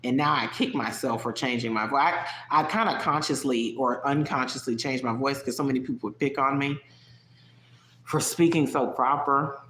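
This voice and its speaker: A talkative live-stream host with a soft Southern US accent, chatting loosely with viewers at a middling pitch. The voice keeps breaking into laughter and leaping upward in pitch. It rings in an echoey room. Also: normal speed, slight background noise. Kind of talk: casual live-stream chat. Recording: roomy echo.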